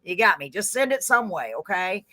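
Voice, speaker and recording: An older woman hosting a casual live podcast chat, talkative and quick to laugh. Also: medium pitch. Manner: chatty, laughing, animated. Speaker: podcast host.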